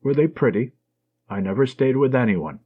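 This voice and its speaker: A man reading an audiobook, voicing a wounded young American soldier in love with plain, earnest, short replies in a husky voice, on a dull lo-fi recording. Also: mid-range voice, lively intonation, normal speed.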